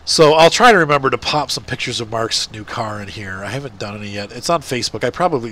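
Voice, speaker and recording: A man's voice: mid-range voice, animated, fast talker, hardly any pauses, pushed and bright, a little hiss or hum. A middle-aged man with a stuffed-up nose, chatting casually and rambling while he plays a farming game. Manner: rambling, self-deprecating chatter. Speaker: gaming video host. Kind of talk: casual chat while playing.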